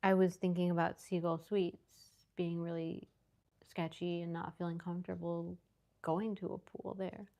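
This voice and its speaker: A woman in a casual argument with her partner, answering in a hesitant, halting way. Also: lowish voice, level tone, dark tone. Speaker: partner in a debate.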